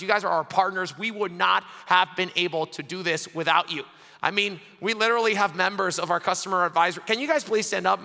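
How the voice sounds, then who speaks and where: A high, bright-toned man delivers an excitable conference keynote from the stage. His voice rings with a forceful edge. Long reverb from a big hall trails every phrase. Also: creaky. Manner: energetic, excitable, laughs often. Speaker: conference host giving closing remarks.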